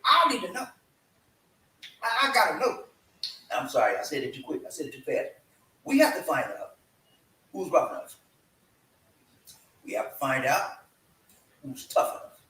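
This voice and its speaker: A man hosting a casual live chat show from home, excitable and energetic as he hypes up his viewers. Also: high-pitched, normal speed, pauses often. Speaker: show host. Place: room at home. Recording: echoey room, voice from far off.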